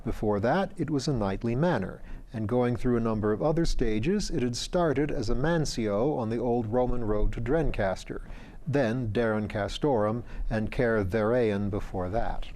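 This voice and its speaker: A man reading a fantasy story aloud in a measured, dryly wry narration. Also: medium pitch, darkish tone. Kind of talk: audiobook narration.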